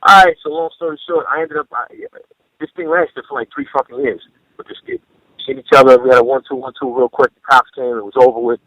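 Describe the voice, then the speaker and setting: A man's voice: medium pitch, steady tone, quick pace, fairly bright tone, no room sound. A man telling rambling, profane stories over a phone call in a casual radio interview, peppering his talk with "you know". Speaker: guest recalling a late friend.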